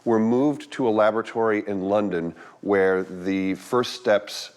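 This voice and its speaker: A man working as a film archivist, narrating and explaining in a measured, somber way. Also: lowish voice, darkish tone, clear, resonant tone, low-quality recording. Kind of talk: documentary narration and on-camera explanation.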